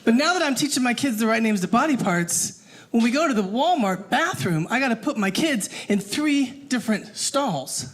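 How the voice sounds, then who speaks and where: A woman performing a stand-up comedy set on stage, animated and acting out the people in her stories. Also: a little high, moderate pace. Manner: animated, acts out voices. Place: stage before a live audience. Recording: noisy live comedy room.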